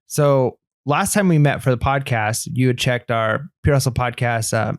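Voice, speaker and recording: A married man co-hosting a podcast who rambles in a friendly, filler-heavy way. His pitch is middling, and the recording is close and dry, with no echo. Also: normal speed. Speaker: podcast co-host. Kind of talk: casual podcast chat.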